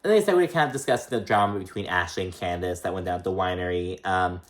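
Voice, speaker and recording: A man's voice: low voice, fast. A man giving a loose, chatty recap of a reality show, full of swearing and filler words, sometimes slipping into voices for the people he quotes. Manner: loose, profane, chatty with many "like"s and "um"s; acts out quoted lines in shifting voices. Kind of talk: casual recap commentary.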